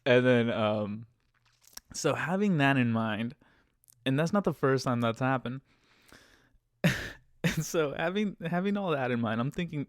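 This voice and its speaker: A man hosting a podcast, telling a rideshare story in an animated, profane, incredulous way and stumbling over repeated words when flustered. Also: medium pitch, moderate pace, no room sound, studio quality. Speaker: podcast host and rideshare driver. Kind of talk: casual storytelling rant.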